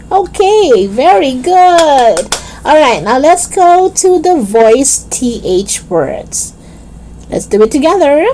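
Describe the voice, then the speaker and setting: A woman teaching English pronunciation, drilling word pairs slowly and exaggerating the contrasts. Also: a little high, very animated, dark tone, a little hiss or hum, rough recording. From Philippines.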